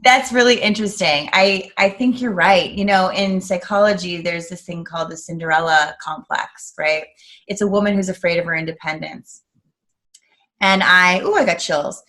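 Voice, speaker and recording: Earnest, animated American woman guest. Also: fairly low pitch, normal speed. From United States. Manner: earnest, animated, acts out quoted talk. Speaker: guest speaker, coach. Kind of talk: casual interview talk.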